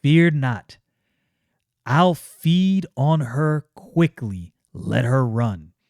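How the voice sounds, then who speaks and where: A man doing a gloating, inhuman male sorcerer who hungers for his victims' fear. He stretches every threat out slowly and lets it sit. The sound is dry, with no room around it. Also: medium pitch, expressive, darkish tone, dry recording. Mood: menacing. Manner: slow, drawn-out menacing delivery.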